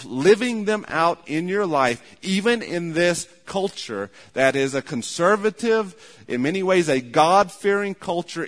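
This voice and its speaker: A man preaching a sermon, earnest and repetitive, acting out imagined people as he goes. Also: on the high side. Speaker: pastor. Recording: long hall reverb.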